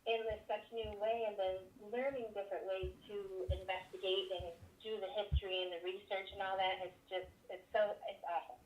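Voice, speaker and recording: A woman calls in to a casual podcast and chats openly with the host. Her voice is middle-pitched and conversational. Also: fairly even intonation, a little fast, hardly any pauses, darkish tone, rough recording. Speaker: caller.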